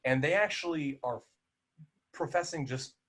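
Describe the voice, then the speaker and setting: A man's voice: on the high side, measured pace, a bit bright, husky. A man co-hosting a film podcast, talking casually and with animation, full of restarts and fillers. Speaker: podcast co-host.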